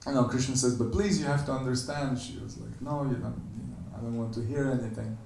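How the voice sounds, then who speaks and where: A man giving a temple lecture, animatedly telling a story and acting out the characters' quoted lines in a higher voice. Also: fast talker, gravelly, a little mellow, slight background noise. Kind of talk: storytelling sermon. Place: temple hall. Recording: echoey room, voice from a distance.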